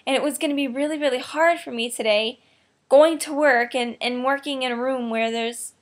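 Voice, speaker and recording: A woman with a high voice talks into her camera for a personal video diary, tearful and emotional. She rambles in a heartfelt way, her sentences full of fillers like "you know" and "like". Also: moderate pace. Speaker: vlogger.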